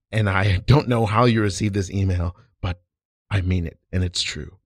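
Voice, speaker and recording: A man's voice: on the low side, normal speed, gravelly, slight background noise. A man, a podcast host, improvising rambling, overacted comic letters. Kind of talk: improvised comedy monologue.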